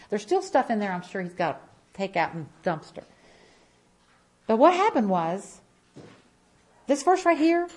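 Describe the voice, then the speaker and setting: A woman's voice: a little high, a little mellow. A woman in her fifties giving an impassioned church testimony, emphatic and repeating phrases as she tells her story.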